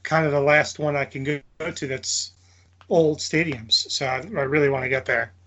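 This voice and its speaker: Fairly high-voiced New Jersey man. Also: steady tone, normal speed, fairly bright tone, lo-fi sound. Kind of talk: casual chat.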